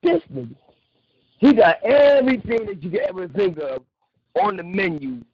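A loud, excitable man hosts a call-in radio show, laughing and shouting as he talks. His pitch swoops all over, with a husky edge. The sound is dry and dull, like a lo-fi recording. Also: moderate pace, no echo.

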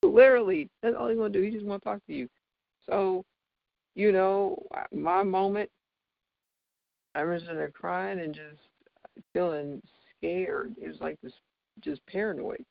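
A man's voice: high-pitched, fairly even intonation, normal speed, vocal fry, pauses often, no room sound. A man giving an informal, earnest faith talk, emphatic and chatty, with lots of fillers. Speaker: devotional speaker. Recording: dull dry lo-fi recording.

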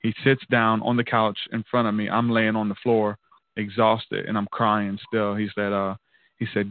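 A man's voice: on the low side, little pitch movement, normal speed, no room sound. A man casually telling a personal testimony in an earnest, loose way, peppered with "man" and "dude". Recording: tinny phone-like line, dry.

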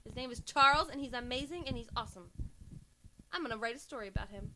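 A woman's voice: fairly high pitch, lively intonation, fast talker, noisy background. A woman co-hosting a casual podcast chat, laughing often as she talks. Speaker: podcast co-host.

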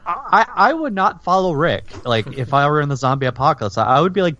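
A man from Florida talks loosely and swears freely, leaning on "like" between thoughts. His voice sits a little high and rises and falls a lot. The recording sounds dull and lo-fi. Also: brisk, hardly any pauses. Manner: animated, profane, lots of "like". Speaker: podcast host. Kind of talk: casual podcast chat.

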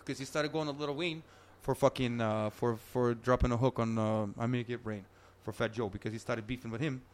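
A man co-hosting a podcast, chatting casually about music, swearing a lot and talking over his partner. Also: mid-range voice. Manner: fast, profane, excitable, talks over his partner. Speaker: podcast co-host. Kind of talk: casual chat.

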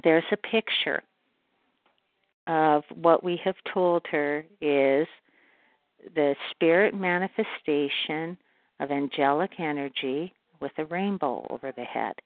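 A woman from Canada, speaking as a guest in a calm channeled voice that refers to herself in the third person. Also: sits low, slow, no echo. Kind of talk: channeled spiritual talk. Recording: phone-like call audio.

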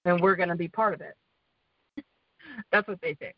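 A woman's voice: on the low side, normal speed, no echo, dull audio. Rambling Western American woman caller. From United States. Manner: rambling, repeats herself, many fillers and tag questions. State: exhausted. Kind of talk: call-in testimony on a community prayer call. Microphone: phone line.

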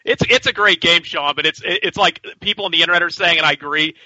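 A man co-hosting a podcast in casual chat, excitable and rambling, swearing freely. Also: a little high, fast, dry recording, dull audio. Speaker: podcast co-host.

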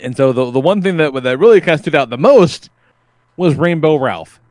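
A man with a slightly higher voice co-hosts a casual podcast, telling stories with a lot of animation. His pitch swings widely as he goes. The sound is dry and close, with no room echo. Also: normal speed. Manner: animated storytelling, swearing. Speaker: podcast co-host. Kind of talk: casual chat.

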